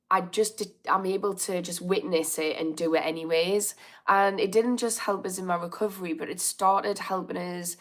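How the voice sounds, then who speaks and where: A woman's voice: fairly low pitch, a bit bright. A middle-aged woman, chatting candidly on a livestream about recovery and reading out comments, sounding a bit unwell. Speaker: livestream host in addiction recovery. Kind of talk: casual livestream chat.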